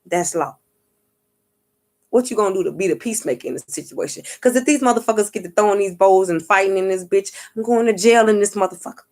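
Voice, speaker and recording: Fast and mid-range in voice, a woman who vlogs and reads spiritually narrates a story casually, swearing freely in street-talking style. Animated, she mimics what others said and keeps checking in with viewers by asking "you get what I'm saying."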